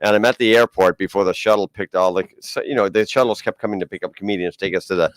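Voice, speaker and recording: A comedian man from Boston, now living in Canada, co-hosting a casual chat show with quick crude jokes. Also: lowish voice, no echo. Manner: quick joking banter, crude quips. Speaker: comedian and podcast co-host.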